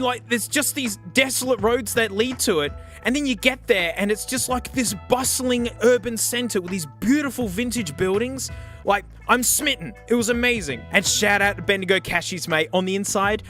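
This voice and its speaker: A man from South Australia with an Australian accent, narrating a comedic thrift-store vlog in an excitable, joking way. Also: sits high, moderate pace, soft background music. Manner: excitable, joking, peppered with "mate". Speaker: vlogger.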